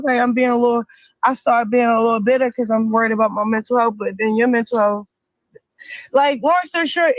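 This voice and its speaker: Woman, rambling emphatic livestream talk, high voice, close dry sound. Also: no echo, low-quality recording. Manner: rambling, emphatic, repeats herself. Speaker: interviewee in a played clip.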